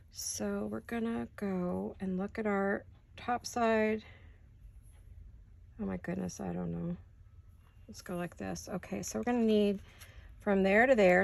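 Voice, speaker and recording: Chatty crafting woman with a gravelly edge. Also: medium pitch, slight background noise. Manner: chatty, thinks aloud while working, asks viewers questions. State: has the hiccups. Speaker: craft channel host. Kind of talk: casual craft-along chat. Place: home craft studio.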